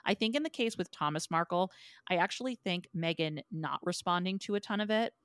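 A woman's voice: on the low side, brisk, fairly bright tone, clean tone, no room sound, studio quality. A woman co-hosting a podcast in casual discussion, frank and conversational, swearing casually. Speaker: podcast co-host.

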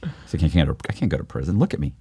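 A man's voice: extremely low pitch, very animated, racing, mellow, breathy edge, no echo, studio quality. A middle-aged man, the guest, telling a story in a podcast interview and acting out both sides of the dialogue. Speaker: guest, author.

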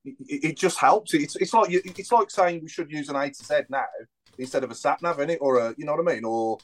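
A man talking football on a casual podcast, rambling with plenty of fillers. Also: fairly high pitch. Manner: fast, rambling, lots of fillers. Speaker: podcast panelist.

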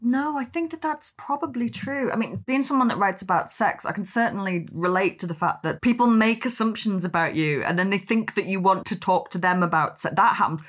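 A woman hosting a podcast, talking in a chatty, lively way with lots of "like". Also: medium pitch, brisk, few pauses. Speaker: podcast host. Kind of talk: podcast conversation.

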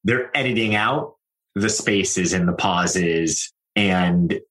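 A man who works as a life coach, talking in a calm, reassuring and reflective way. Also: low voice, takes it slowly, rough recording. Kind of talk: conversational coaching talk.

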